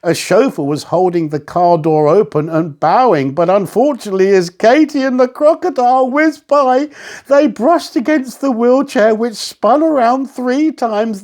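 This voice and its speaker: A male storyteller reading a children's tale with a very lively, sing-song delivery that rises and falls all over the place. He takes his time, slow and deliberate, giving every line plenty of room. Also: very high-pitched. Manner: animated, expressive reading.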